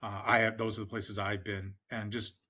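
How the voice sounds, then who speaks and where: Bright-voiced American man telling anecdotes. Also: lowish voice, flat delivery, normal speed. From United States. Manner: rambling anecdotes, frequent fillers and restarts, acts out quoted people. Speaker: fundraising expert guest. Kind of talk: conversational storytelling in a podcast interview.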